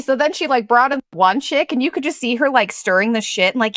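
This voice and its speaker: Animated, playful woman podcast host. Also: sits high, dry recording, studio quality. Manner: animated, playful, acts out others' lines in quick voices; swears casually, laughs often. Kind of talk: casual chat.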